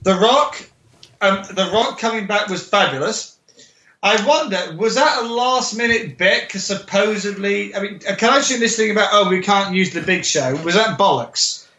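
Man, blunt joker, high voice, echoey room. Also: sharp tone, lo-fi sound. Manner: joking, blunt, quick asides. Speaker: podcast co-host. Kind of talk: casual chat.

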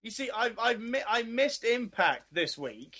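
A man's voice: very high voice, sing-song, unhurried, pushed and bright. A young man co-hosting a podcast, trading dry, joking banter in casual chat. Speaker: podcast co-host.

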